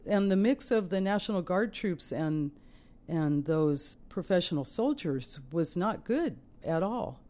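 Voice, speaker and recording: A woman's voice: lowish voice, expressive, a little slow, warm tone. A middle-aged woman, the mother of a soldier, giving an earnest, reflective personal testimony.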